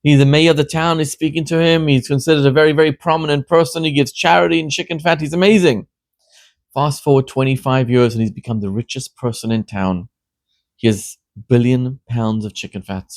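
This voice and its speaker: A man, a rabbi, delivering a sermon as an animated storyteller who builds to emphatic questions. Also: medium pitch, vocal fry, no room sound.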